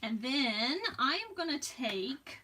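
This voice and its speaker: A woman hosting a live crafting demonstration, chatty and trailing off, with soft muttered asides. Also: high-pitched, animated, takes it slowly, breathy edge, far from the mic. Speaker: crafting demo host.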